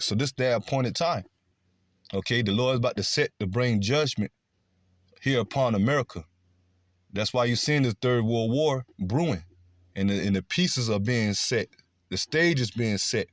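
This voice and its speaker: A man's voice: medium pitch, expressive, moderate pace, pauses often, dry recording, clean studio sound. A man preaching a scripture-based sermon, emphatic, often adding "okay" and "man". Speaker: street preacher.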